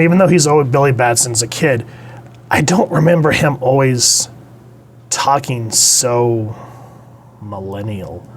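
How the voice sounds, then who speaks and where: A young man gives a casual, rambling comic book review, with an easy-going, enthusiastic delivery. His voice sits in a middle register, and a faint hiss can be heard behind him. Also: mid-range voice. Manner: enthusiastic, rambling commentary with fillers.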